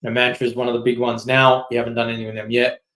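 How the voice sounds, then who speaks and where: A man giving a long, informal presentation, speaking in quick loose bursts. He leans on fillers and keeps checking in with "right?". His voice sits at an ordinary middle pitch for a man. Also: little pitch movement, fairly bright tone, rough recording. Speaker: company CEO giving a masterclass. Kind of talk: casual presentation talk.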